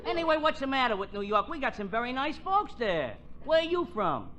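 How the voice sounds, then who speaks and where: An actor playing a wisecracking Brooklyn cab driver with a Brooklyn accent in a 1940s radio comedy. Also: male voice, very high-pitched, sing-song, bright, forceful tone, a faint crowd, heavily acted. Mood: brash. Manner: fast-talking tough-guy wisecracks. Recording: noisy old radio broadcast recording.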